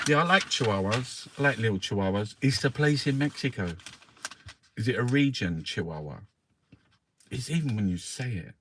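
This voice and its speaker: A man chats loosely through the papers with a sweary, joking manner, talking straight to his viewers. His voice is bright and forward, with a faint hiss of noise behind him. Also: mid-range voice, expressive, moderate pace. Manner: sweary, chatty, jokey asides to viewers. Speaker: livestream host reviewing newspapers. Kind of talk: casual live chat.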